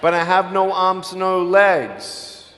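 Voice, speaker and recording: A man with an Australian accent giving a live motivational speech, telling his story emphatically and swinging between loud and hushed. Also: high-pitched, steady tone, takes it slowly. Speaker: motivational speaker. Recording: long hall reverb.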